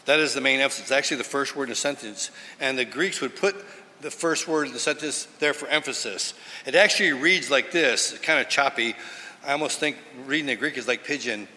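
Earnest man preaching, bright voice. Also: medium pitch, brisk. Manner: earnest, emphatic, explanatory. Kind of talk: Bible teaching sermon. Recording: hall reverb.

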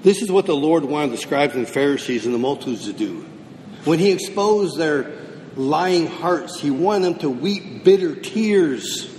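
A man's voice: lively intonation, unhurried, a little mellow. A man preaching a sermon, asking questions and answering them himself. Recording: roomy hall with long echo, faint rumble.

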